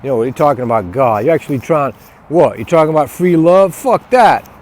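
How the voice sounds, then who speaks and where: A man playing an angry mob bully, mocking, threatening, raised pitch. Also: lively intonation, fast. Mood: hostile mocking. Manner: shouting insults, mocking, threatening.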